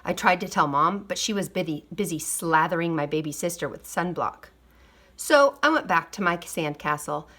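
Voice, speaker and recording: A woman reading a children's picture book aloud, expressive, with quiet asides. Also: fairly low pitch, moderate pace. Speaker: storybook reader. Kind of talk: storybook read-aloud.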